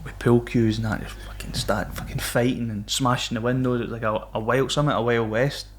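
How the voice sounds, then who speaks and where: A man's voice: mid-range voice, a little fast, slight background noise. A Scottish man, a former Royal Marine, telling stories on a podcast in casual, swearing chat that he breaks with laughs. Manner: swearing, animated, laughs mid-story. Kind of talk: casual storytelling.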